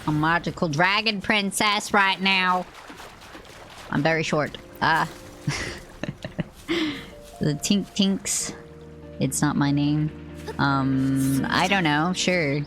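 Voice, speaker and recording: A young woman streams a game at her desk mic, her voice low for a woman. She rambles playfully, swears freely and jumps into high yelps when hit, with faint music playing behind her. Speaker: VTuber streamer. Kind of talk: casual gaming stream chat.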